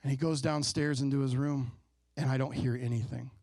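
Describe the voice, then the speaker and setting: A man in his thirties preaching a sermon in a relaxed, conversational way, telling a family story and asking the congregation questions. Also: mid-range voice, brisk, no room sound. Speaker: pastor. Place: church sanctuary.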